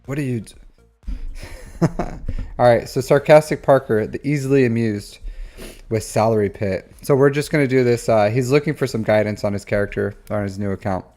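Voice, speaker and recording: A man in his thirties talks loosely on a live stream, teasing his chat and rambling through his answers with playful banter. His voice sits in an ordinary middle pitch. Soft music plays quietly underneath. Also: a little fast. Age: 30s. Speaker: live-stream host reviewing game accounts.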